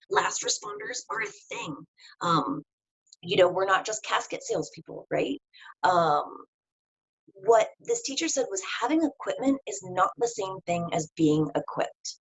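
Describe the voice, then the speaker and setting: A woman's voice: medium pitch, big pitch swings, moderate pace, fairly bright tone, slightly rough, low-quality recording. A woman co-hosting a deathcare webinar over a video call, talking in an earnest, reflective way with many fillers. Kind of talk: casual panel chat on video call.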